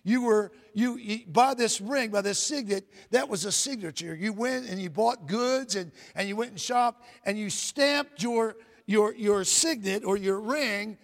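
A man's voice: high voice, measured pace, few pauses, in a large hall. A man preaching a sermon as pastor, praying and then teaching with emphatic call-and-response asides to his congregation. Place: church sanctuary.

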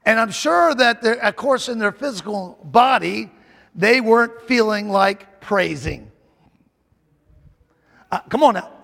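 A man delivers a fervent sermon in a very high, gravelly voice. His tone is bright and forceful, and he drives his points home with repetition. A long reverb hangs on his words, as in a large hall. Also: expressive, unhurried, pauses often. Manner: fervent, emphatic preaching with repetitions. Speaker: preacher.

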